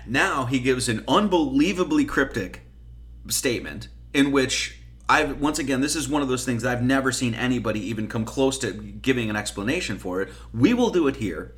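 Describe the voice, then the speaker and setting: A middle-aged man with a mid-pitched voice gives an informal sermon, talking like a teacher. He reads scripture aloud with emphasis and then unpacks it conversationally, asking rhetorical questions as he goes. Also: lively intonation, moderate pace, a bit bright. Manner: conversational, rhetorical questions, frequent "okay?" and "right?". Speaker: teacher of esoteric Bible study.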